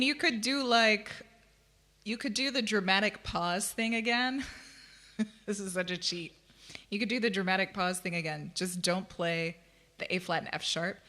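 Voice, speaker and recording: A woman with a lowish, fairly bright voice teaches ukulele in a live-streamed lesson. She's chatty and pokes fun at herself, often laughing between explanations, while her own ukulele playing sounds in the background.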